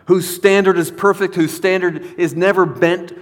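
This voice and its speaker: An earnest man preaching a sermon, his fairly high voice lifting as he reads scripture and sinking low for grave points. His words ring out with a long reverb, as in a large hall. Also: steady tone, moderate pace. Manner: earnest, swells in pitch when reading scripture, drops low for solemn points.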